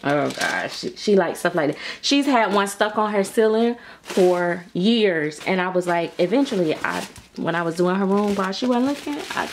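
At home, a woman vlogger opens her mail and chatters away, gushing, gasping, and repeating phrases with excitable energy. Her voice is mid-range and her pace moderate, in a casual unboxing chat captured on a noisy home recording.

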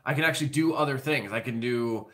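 A man's voice: medium pitch, quick pace, fairly bright tone. A man hosting a live stream, rambling through jokes and announcements in a profane, loose, conversational way. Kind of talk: rambling comedic monologue.

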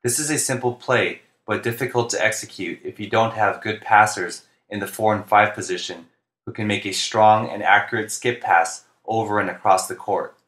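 Monotone man coaching over animated diagrams. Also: fairly low pitch, echoey room. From United States. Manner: monotone, deliberate and clear. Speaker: basketball coach. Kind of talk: scripted instructional narration. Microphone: home recording for narration.

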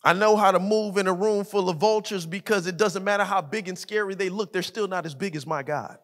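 A man preaching a sermon as co-pastor, in a colloquial way that repeats words, often building to shouts. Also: high-pitched, fairly quick. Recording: long hall reverb.

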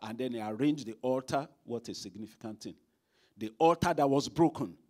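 A man's voice: mid-range voice, brisk, darkish tone. A man preaching a sermon at a church service, emphatic and asking the congregation rhetorical questions.

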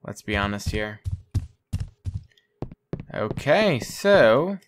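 A man's voice: lowish voice, sing-song, drawn-out words, slight background noise. A man giving jokey, wry let's-play commentary while playing a game. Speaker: gamer playing on a channel.

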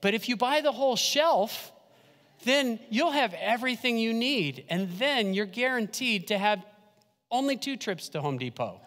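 A male pastor preaching a sermon in a conversational, humorous way, slowing down and dropping his voice to stress key points. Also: very high-pitched, animated, a bit bright. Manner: humorous, conversational preaching with slow emphatic drops. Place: church sanctuary. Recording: long church hall reverb.

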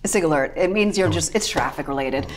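A bubbly woman hosting a relaxed chat, laughing often between her questions. She keeps the tone light and playful. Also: low voice, quick pace, a loud crowd. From Southern California. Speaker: host. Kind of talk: casual chat.

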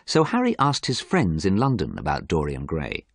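Low-voiced man reading a story slowly. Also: huge pitch swings, vocal fry, no room sound, clean studio sound. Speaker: narrator. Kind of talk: scripted audiobook narration for learners.

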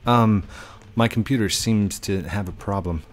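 A man's voice: fairly low pitch, measured pace, natural voice. Guy playing a clueless office worker on the phone to tech support, fumbling and unsure, faint music behind. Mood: hesitant. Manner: hesitant, fumbling, naive.

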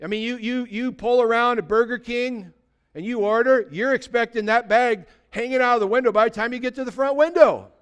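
A man's voice: very high-pitched, brisk, smooth. A male pastor preaching a sermon in a conversational way, asking the congregation many rhetorical questions.

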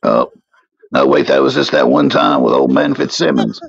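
A man co-hosting a casual comedy chat show, telling jokes deadpan and swearing freely. His voice is very gravelly and husky, and it swings widely in pitch. The recording is dry and muffled. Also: moderate pace, dry recording. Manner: deadpan joke delivery, profane. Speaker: co-host.

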